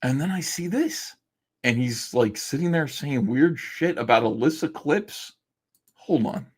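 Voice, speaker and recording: A man's voice: mid-range voice, animated, measured pace, husky. A man hosting a livestream from home, ranting in a sarcastic, mocking, rambling way. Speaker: livestream host. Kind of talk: casual livestream rant.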